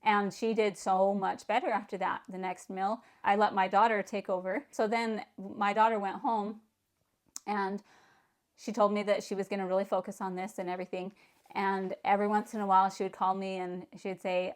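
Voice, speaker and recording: A middle-aged woman and grandmother calmly telling a parenting story to camera, frank and plain-spoken, often repeating words as she starts a sentence. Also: medium pitch, brisk. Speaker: parenting vlogger.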